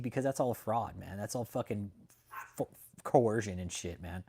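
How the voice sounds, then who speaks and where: A man's voice: mid-range voice, normal speed, warm tone. Profane, mocking livestream host, a man. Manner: profane, mocking, laughs often; greets chat viewers by name. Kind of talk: casual livestream commentary.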